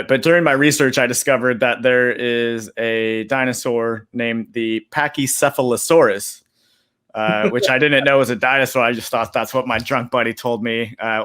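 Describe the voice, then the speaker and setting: A man's voice: mid-range voice, pushed and bright, clean tone. A man telling a rambling, self-mocking joke as a contestant on a video call and laughing at his own lines. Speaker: comedian contestant. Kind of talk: stand-up style joke telling.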